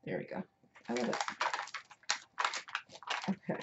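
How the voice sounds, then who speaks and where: A woman hosting a casual crafting tutorial, chatty and self-deprecating as she talks while working. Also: measured pace. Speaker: craft video host. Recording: dull lo-fi home recording with noise.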